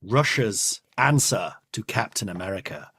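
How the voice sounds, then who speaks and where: Male host, casual comic chat, animated rambling teller, dry studio sound. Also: lowish voice, unhurried, breathy edge, dry recording. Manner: rambling, animated storytelling with asides. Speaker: podcast host.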